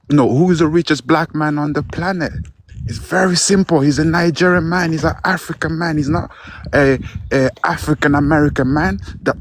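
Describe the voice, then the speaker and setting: Guy with a husky higher voice, lecturing and mocking in a heated debate.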